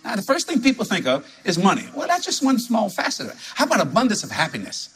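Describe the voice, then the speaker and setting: A man from New preaching a sermon full of stories, animated and laughing as he talks, jumping to high exclamations. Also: fast talker, a little hiss or hum. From New Orleans.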